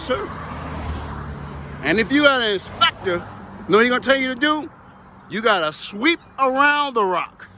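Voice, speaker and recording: High-voiced, cussing equipment operator man. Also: pushed and bright, slight background noise. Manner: profane, emphatic, rambling. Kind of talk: casual storytelling to camera.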